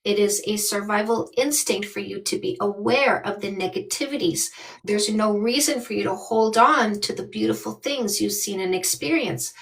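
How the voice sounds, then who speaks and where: A woman's voice: mid-range voice, normal speed, vocal fry, a bit bright, rough recording. A woman in her fifties from Canada, a dating coach giving blunt, emphatic advice on a live call. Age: 50s.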